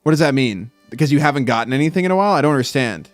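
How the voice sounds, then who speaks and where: A man streaming while he draws, reading viewer comments aloud and breaking into loud mock outrage with swearing. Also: medium pitch, lively intonation, very fast, no room sound, soft background music. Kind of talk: casual live-stream chat while drawing.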